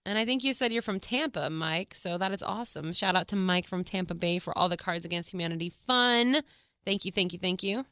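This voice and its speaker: A woman's voice: fairly low pitch, brisk, bright, forceful tone, smooth, dry recording, clean studio sound. An American woman hosting her own podcast, chatting casually with a bubbly, gushing manner and frequent laughs. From United States. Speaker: podcast host.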